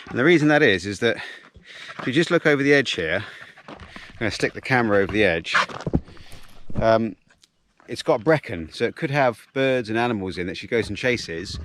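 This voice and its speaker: A man's voice: fairly low pitch, noisy background. A man chatting casually as he vlogs a hike with his dog, easily amazed and full of ums, recorded outdoors on a handheld camera. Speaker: vlogger hiking with his dog. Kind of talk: casual walking vlog narration. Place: outdoors on a gorge hiking trail.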